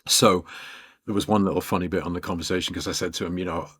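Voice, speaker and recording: An English man in his fifties, a guest guitarist telling stories in an interview in a chatty, animated way, full of "you know" and "like". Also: sits low, quick pace, husky, dry recording. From England. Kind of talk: casual storytelling in an interview.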